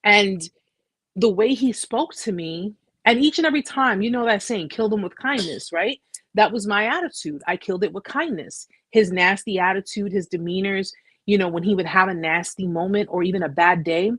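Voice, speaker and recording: Woman, husky, dry close sound, emphatic, repetitive, personal storytelling. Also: medium pitch, no echo. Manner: emphatic, repeats phrases, asks "okay?". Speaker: host sharing a survivor story.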